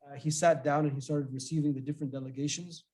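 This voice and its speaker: A man's voice: a little high, steady tone, fast, mellow, rough recording. A middle-aged man answering questions as a religious scholar, talking conversationally with stories and frequent restarts. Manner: conversational, storytelling, with many restarts. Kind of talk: informal Q&A talk.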